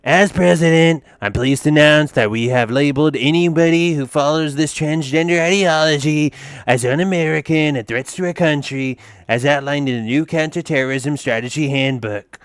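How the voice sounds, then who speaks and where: A man's voice: on the high side, normal speed, clean tone, no room sound, pitched above the performer's own voice, lightly acted. A man doing a blustering old politician. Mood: bombastic. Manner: bombastic, repetitive. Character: blustering older male politician, boastful.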